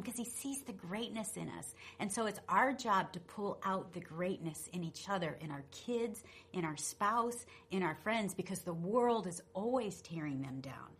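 A middle-aged woman co-hosting a radio talk show, telling a story in a feisty, expressive way. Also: mid-range voice, normal speed, few pauses, slightly rough. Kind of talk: casual storytelling chat.

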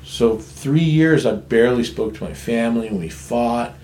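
A man's voice: medium pitch, moderate pace, a little mellow. Blunt, swearing man telling his story. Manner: blunt, frank, swears freely. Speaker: guest sharing recovery story. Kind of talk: candid personal storytelling. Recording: echoey room, faint ambience.

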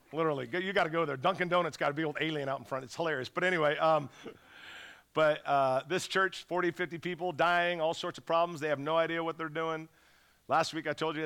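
A man's voice: on the high side, fast talker, clear, resonant tone. A man preaching as a guest pastor in a church, telling stories with energy and acting out the voices of the people who called him. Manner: animated, acts out callers' voices. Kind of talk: energetic fundraising sermon. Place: church sanctuary.

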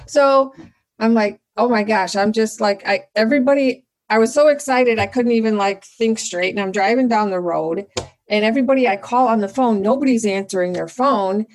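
A middle-aged woman, a company founder, telling a story in a casual interview with lively energy and acting out her own remarks. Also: fairly high pitch, normal speed. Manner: animated, excitable storyteller who acts out her own lines.

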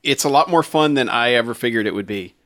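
A man's voice: mid-range voice, fast, fairly bright tone, no room sound. A man co-hosting a casual movie podcast, giving blunt, opinionated takes in a mid-range voice. The sound is dry and close. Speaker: podcast co-host. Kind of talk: casual movie-review chat.

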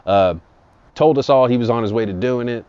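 A man's voice: mid-range voice, a little fast, darkish tone, clean tone. A man telling a rambling, profane comic story in an improvised monologue. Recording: dull lo-fi audio.

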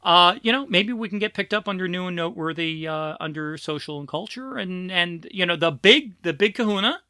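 A woman's voice: on the low side, expressive, fairly quick, bright, forceful tone, no echo, clean studio sound. A middle-aged transgender woman co-hosting a podcast, chatting in a rambling way, often restarting her sentences and prone to the giggles. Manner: rambling, giggly, self-interrupting. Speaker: podcast co-host. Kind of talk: casual podcast chat.

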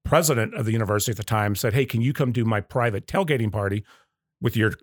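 A man's voice: fairly low pitch, fast, no echo, clean studio sound. A man from the Southern United States, a company leader, telling stories in a casual podcast interview and acting out customer quotes. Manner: storytelling, acts out customer quotes. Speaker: guest, coffee company leader.

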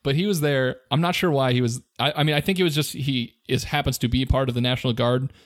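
A man's voice: medium pitch, fast, no echo, studio quality. A man co-hosting a podcast, telling a story in a playful, joking way and laughing often. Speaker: podcast co-host. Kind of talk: casual storytelling chat.

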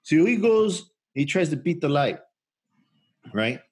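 A man spins a long story for his podcast, in a husky, slightly high voice. He rambles, swears freely, and stumbles through restarts and fillers like "you know" and "right?". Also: big pitch swings, takes it slowly, a little mellow. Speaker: podcast co-host. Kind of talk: casual storytelling.

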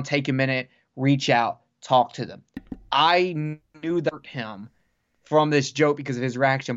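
A man chats casually on a podcast, spinning long rambling stories and swearing freely. His voice sits a little high. The recording sounds dull and lo-fi. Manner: rambling, profane, animated storyteller. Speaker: podcast guest. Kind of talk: casual storytelling chat.

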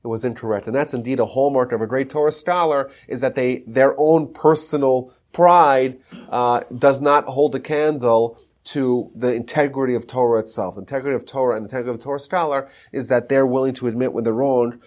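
A man's voice: medium pitch, fairly even intonation, brisk, a little mellow. A man giving a podcast lecture on Talmud history, teaching emphatically and mixing in Hebrew terms.

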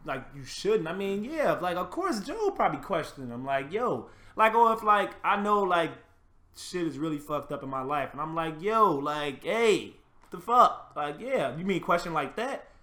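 A man in casual chat, animated and profane, retelling stories with acted-out quotes. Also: fairly high pitch, moderate pace.

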